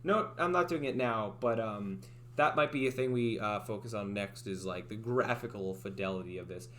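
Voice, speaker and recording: A man's voice: on the low side, moderate pace, a bit bright. A man chatting casually on his livestream, rambling about his game project with lots of "like" and frequent restarts.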